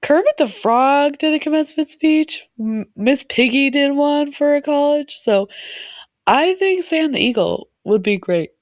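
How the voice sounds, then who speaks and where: A woman in her thirties co-hosting a podcast, hoarse and raspy from laryngitis, telling stories with lots of laughter. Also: sits high, measured pace, no echo, clean studio sound. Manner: laughing, animated storyteller. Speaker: podcast co-host. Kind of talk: casual chat.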